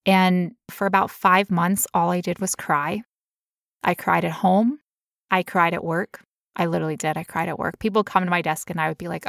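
A woman's voice: lowish voice, fairly even intonation, normal speed, gravelly, a bit bright, no echo, studio quality. A woman telling a personal story in casual chat, candid and emotional, now and then putting on playful voices.

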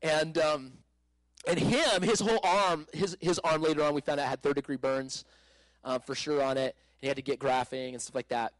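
High-voiced man telling a story. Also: normal speed, no room sound, rough recording. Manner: animated, laughing, many fillers and restarts. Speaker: speaker telling a personal testimony. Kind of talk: casual storytelling testimony.

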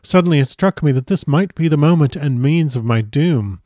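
A man reading a first-person diary aloud as a dramatic audiobook narrator, measured and grave. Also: fairly high pitch, expressive, mellow, no echo, clean studio sound.

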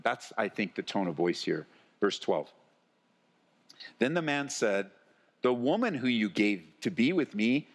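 A man's voice: lowish voice, animated, moderate pace. A male pastor delivering a sermon in an earnest, conversational preaching manner with rhetorical questions. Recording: long hall reverb.

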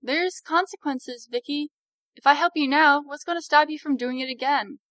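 A woman doing a sharp-tongued young healer with a bright, lifted voice, sarcastic and lecturing. The sound is dry and close, like a storybook reading. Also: sits high, normal speed, no room sound, voice pushed up, poor audio. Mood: cautious.

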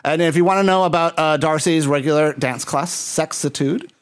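A man's voice: on the high side, fairly even intonation, moderate pace, smooth. A man hosting an interview, chatting in an effusive, talkative way. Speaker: podcast host. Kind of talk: casual interview chat.

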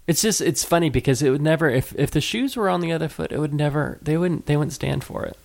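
A woman's voice: sits low, quick pace, creaky. A woman co-hosting a podcast, ranting in profane political banter and laughing often. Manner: animated, swearing, laughing often.

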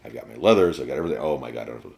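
Man, very deep voice, casual interview guest, rambling, profane, storytelling. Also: animated, rapid-fire, vocal fry, darkish tone. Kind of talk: casual conversation.

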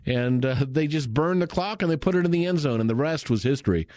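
A man's voice: on the high side, animated, fairly quick, a little mellow, dry recording, clean studio sound. Chatty male sports radio host. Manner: chatty, enthusiastic, many fillers. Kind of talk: live sports radio talk. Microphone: studio microphone.

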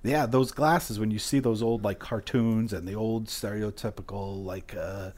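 A man's voice: fairly low pitch, steady tone, unhurried, a little mellow. A man co-hosting a casual movie podcast, sharing film trivia in a loose, rambling way. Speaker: podcast co-host.

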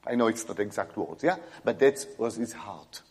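A male preacher giving an emphatic sermon, swinging between loud exclamations and quiet asides. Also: fairly low pitch, lively intonation, moderate pace, breathy edge, in a large hall.

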